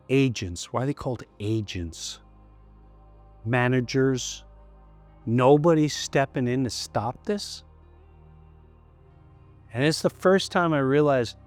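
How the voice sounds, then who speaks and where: A man's voice: mid-range voice, a little mellow. Emphatic man telling a story. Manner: emphatic, repetitive, drops to near-whispers. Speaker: comedian. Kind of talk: storytelling in an interview.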